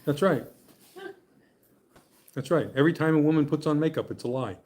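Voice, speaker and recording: A man's voice: a little high, brisk, darkish tone, slight background noise. A man leading a Bible study class, reading scripture aloud and explaining it in a chatty, joking way. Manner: chatty and joking, often laughing and checking in with "okay?".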